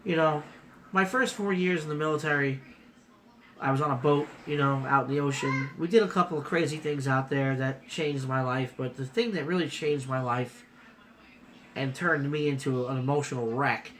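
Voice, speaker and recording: A man's voice: mid-range voice, fairly even intonation, normal speed, a bit bright. Guy in his 30s rambling into his phone at a trade show, emotional, keeps saying you know, some faint noise around. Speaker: vlogger. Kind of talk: casual vlog. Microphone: phone camera.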